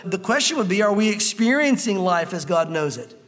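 A man's voice: high voice, sing-song, brisk, a bit bright, big-room sound. A man preaching a sermon in a conversational, emphatic style, repeating key phrases for effect. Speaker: pastor.

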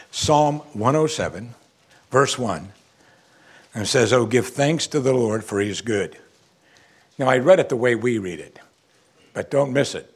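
A man preaching a sermon, swinging from quiet low asides to loud emphatic exclamations. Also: vocal fry, slightly rough. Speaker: pastor.

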